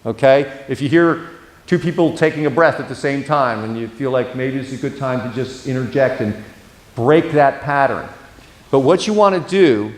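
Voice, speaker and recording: A man, a pastor, teaching a counseling class in a conversational lecture style, often checking in with the class and going softer and slower when he models calm talk. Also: on the high side. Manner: drops to a soft slow voice when modeling calm speech. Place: church hall. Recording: echoey church room.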